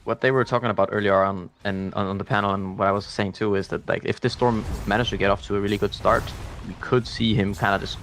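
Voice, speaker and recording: A man giving color commentary on a video game match, talking it through thoughtfully with many pauses and fillers. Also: lowish voice, steady tone, a bit bright, slight background noise. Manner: thoughtful, hesitant, lots of fillers. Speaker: esports analyst.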